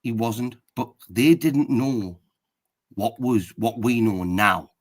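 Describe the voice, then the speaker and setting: A man's voice: medium pitch, slow. A middle-aged man, rambling in casual chat and tagging most phrases with "right, okay?".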